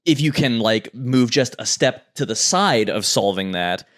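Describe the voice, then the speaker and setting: A man's voice: mid-range voice, animated, measured pace, a bit bright. A man co-hosting a podcast in casual chat, thinking aloud in a meandering way with lots of fillers. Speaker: podcast co-host.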